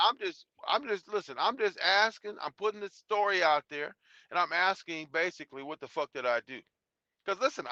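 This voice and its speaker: A man's voice: sits high, bright, forceful tone, no room sound. A man hosting a live stream, talking bluntly and profanely in a rambling way with many restarts. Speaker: YouTube channel host. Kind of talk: live stream talk reading chat. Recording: dull lo-fi sound.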